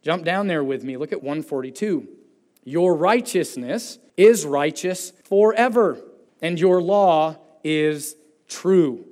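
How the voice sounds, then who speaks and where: A man preaching a sermon. He talks earnestly, pushing his voice up to stress a point and dropping it low to close one. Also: animated, slow, darkish tone. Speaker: pastor. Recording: long reverb of a church hall.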